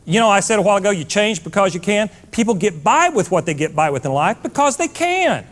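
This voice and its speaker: A man's voice: high voice, big pitch swings, fast talker. A man giving a blunt, fired-up motivational keynote to a live audience, scolding and hammering points with repetition.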